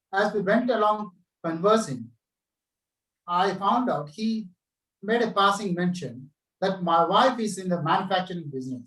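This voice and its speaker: A man with a high voice tells anecdotes and acts out quoted dialogue in a speech to his club. He sounds a little distant from the mic, and the room around him is echoey. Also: fairly bright tone. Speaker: club speaker. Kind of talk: storytelling speech. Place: online club meeting.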